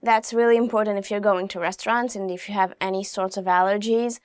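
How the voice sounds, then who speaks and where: A young woman gives a relaxed language lesson, chatting between the example phrases. Her voice sits in a middle pitch, and the recording is close and dry. She talks informally, full of little fillers. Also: fast talker, smooth, no echo. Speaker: language teacher.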